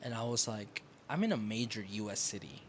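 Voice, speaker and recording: A man's voice: on the low side, expressive, a little fast, a little hiss or hum. A young man co-hosting a podcast, telling a story in casual chat, swearing freely and acting out his arguments with a phone company. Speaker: podcast co-host.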